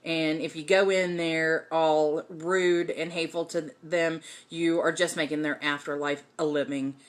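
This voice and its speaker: A woman hosts a relaxed livestream lesson on household magic, her voice sitting a little low. She talks slowly and chattily, filling pauses with frequent "um"s as she goes. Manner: chatty, many um fillers. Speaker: host teaching folk magic.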